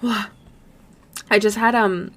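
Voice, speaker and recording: A woman's voice: mid-range voice, steady tone, very slow, fairly bright tone. A young woman chatting casually on a live stream while she draws, bubbly and gushing. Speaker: streamer and artist.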